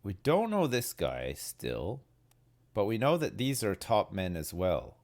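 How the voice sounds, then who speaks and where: Unhurried and a little mellow, this British streamer thinks aloud while playing, muttering and puzzling things out in wildly swooping pitch. Faint game music runs in the background.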